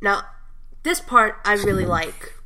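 A woman's voice: medium pitch, a little slow, pushed and bright. A woman reacting to her own audio recording in casual commentary, blunt and self-mocking.

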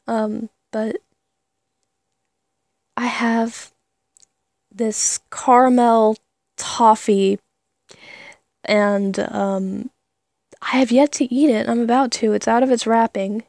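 A woman with a slightly high voice chats slowly and hesitantly through a casual ASMR eating clip, giggling between fillers. The recording is dry and close. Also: steady tone, creaky, a little mellow, dry recording. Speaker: ASMR creator.

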